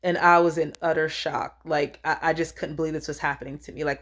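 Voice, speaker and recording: A woman's voice: low-pitched, fairly even intonation, a little fast, a bit bright. A woman in her thirties telling a personal story in a rambling, earnest way, acting out what each person said. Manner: rambling, earnest, acts out quoted lines. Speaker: storyteller vlogger. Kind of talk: casual storytime.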